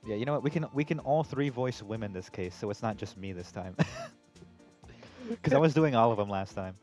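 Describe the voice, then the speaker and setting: Excitable young man streaming. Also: lowish voice, moderate pace, soft background music. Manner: excitable, swears a lot, laughs often. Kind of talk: casual let's-play banter.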